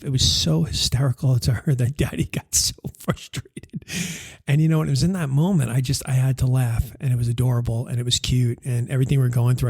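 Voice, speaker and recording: Guy in his 30s rambling thru a podcast story, lots of ums, kinda husky, dry sound. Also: a little high, a little mellow, no echo. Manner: rambling with many fillers and restarts, laughing through funny parts. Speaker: podcast host and life coach. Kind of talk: casual storytelling monologue.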